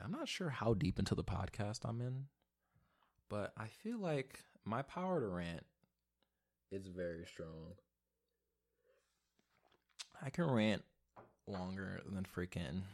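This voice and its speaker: Solo podcast host, man in his twenties, low voice, rambling and profane, goes from mumbling to loud ranting. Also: creaky. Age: 20s. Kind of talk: casual solo podcast rant. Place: home, alone.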